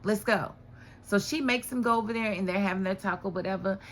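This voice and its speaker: Woman reviewer, casual recap vlog, animated and talkative, mid-pitched voice, fires off rhetorical questions. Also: quick pace, slight background noise. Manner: animated, chatty, rhetorical questions, laughs often. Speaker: TV show reviewer. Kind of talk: casual episode recap and commentary.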